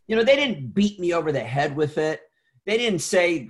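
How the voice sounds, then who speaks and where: Middle-aged male guest, earnest storyteller, a bit high-pitched, trips over repeats. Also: expressive, normal speed. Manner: earnest, repeats words, many restarts. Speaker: interview guest. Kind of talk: casual interview storytelling.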